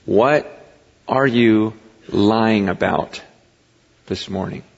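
A man's voice: fairly low pitch, extremely slow, creaky, a little mellow. Man preaching in a reverberant hall. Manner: conversational preaching, rising to impassioned emphasis. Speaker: pastor. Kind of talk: sermon. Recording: muffled recording with long hall reverb.

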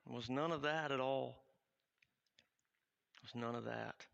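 A guilt-stricken apostle, as a man acts him out speaks in a confessional first-person monologue. His voice is bright and edged, with a gravelly fry beneath the words. He halts and restarts, urgent and raw. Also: medium pitch, a little slow, muffled recording. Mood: reflective. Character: remorseful male apostle recounting his denial.

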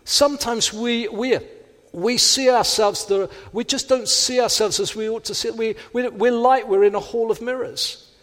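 High-voiced preacher in a reverberant hall. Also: male voice, fairly even intonation, normal speed, a bit bright. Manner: earnest, acts out quoted inner voices. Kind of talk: sermon.

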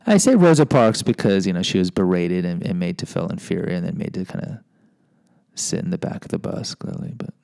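A man's voice: on the low side, vocal fry, darkish tone, no room sound. A man telling personal stories in a casual monologue, candid and self-deprecating, often restarting and adding asides.

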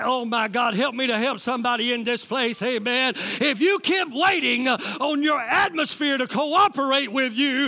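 A man preaching a sermon as lead pastor, calling out to the congregation and shouting rising lines. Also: extremely high pitch, normal speed, hardly any pauses.

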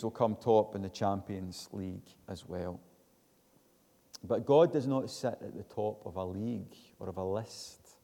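A man preaching a sermon, slow and measured, building to emphatic declarations. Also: lowish voice, vocal fry, mellow, big-room sound.

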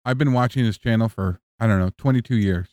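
A man co-hosting a podcast in casual chat, throwing in quick wisecracks. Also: on the low side, darkish tone, a little hiss or hum.

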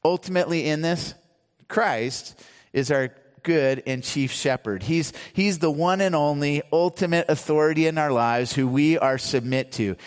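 A man preaches from the pulpit, his slightly higher voice carrying a long reverb through the hall. He retells scripture with earnest emphasis, acting out the quoted lines as he goes. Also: moderate pace, smooth. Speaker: pastor. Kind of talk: sermon.

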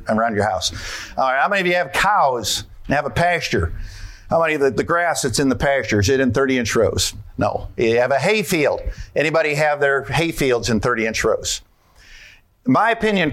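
A man with a slightly high, somewhat bright voice gives a folksy conference talk about farming. He asks the audience questions and walks them through his slides.

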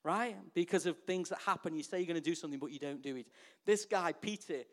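A man preaching a sermon to his church in a lively way, often asking the congregation rhetorical questions. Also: on the high side, quick pace. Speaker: pastor.

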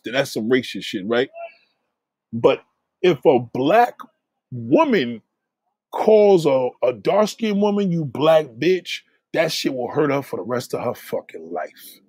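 A man's voice: mid-range voice, very animated, unhurried, a little mellow, breathy edge, no echo. A man talking in a blunt, heated rant, swearing often and repeating himself as he presses a point. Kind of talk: casual opinionated rant.

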